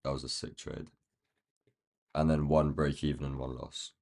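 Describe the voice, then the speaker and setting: A man with a croaky, rough-sounding voice, thinking aloud in casual commentary as he marks up trading charts on a live stream. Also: extremely low pitch, level tone, normal speed, darkish tone. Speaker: day trading livestream host.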